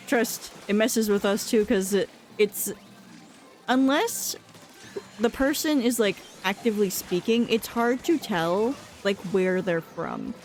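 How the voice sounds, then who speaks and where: A woman's voice: mid-range voice, slow, long pauses, darkish tone, faint music behind. Chatty Boston-accented woman streamer. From New England. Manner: chatty, laughs often, fillers like "like". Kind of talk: casual chat while gaming.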